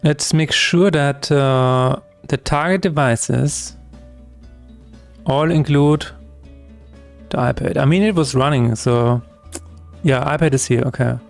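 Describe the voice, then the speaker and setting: Soft background music plays as a man streams his game coding, narrating each step in a chatty, self-correcting manner. His mid-range voice has vocal fry, and he speaks slowly with frequent pauses.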